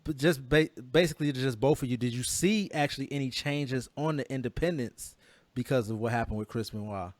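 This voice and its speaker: A man's voice: mid-range voice, fairly quick, dry recording. A man hosting a podcast, asking questions and cracking jokes. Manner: inquisitive, joking. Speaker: podcast host. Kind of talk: casual podcast chat.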